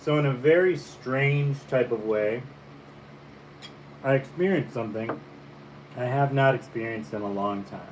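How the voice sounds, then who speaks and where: A man from the Caribbean, a painter, chatting casually over breakfast in a relaxed, musing storytelling way. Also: medium pitch, measured pace, long pauses, poor audio. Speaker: painter and vlogger. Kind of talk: casual breakfast vlog chat. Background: faint fan hum.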